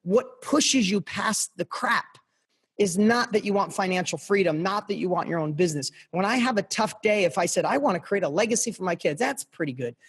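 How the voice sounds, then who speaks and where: A middle-aged man with a fairly high, husky voice, speaking as a podcast guest. He tells his story in an impassioned motivational style. He punches his points home by repeating them and turns to address the listener directly. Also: expressive, fairly quick, fairly bright tone. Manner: passionate, emphatic, repeats phrases for punch.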